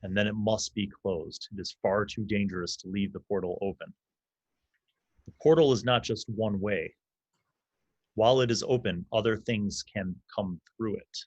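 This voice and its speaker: A man voicing a solemn male ritual leader who speaks in measured, formal warnings. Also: fairly low pitch, steady tone, slightly rough, no room sound, highs cut off. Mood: grave.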